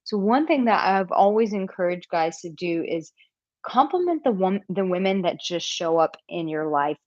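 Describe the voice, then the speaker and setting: A woman's voice: on the low side, lively intonation, normal speed, darkish tone, no echo, dull audio. An American woman who coaches men on dating, chatting casually on a live-stream Q&A with lots of filler words. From United States. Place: home, living in Portugal.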